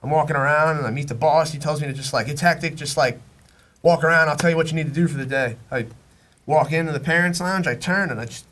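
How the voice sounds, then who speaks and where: A man's voice: fairly high pitch, fast talker, a bit bright. Slangy young man telling rambling stories. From Long Island, New York. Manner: rambling, slangy, profane, acts out quoted friends. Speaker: podcast guest. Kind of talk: casual storytelling.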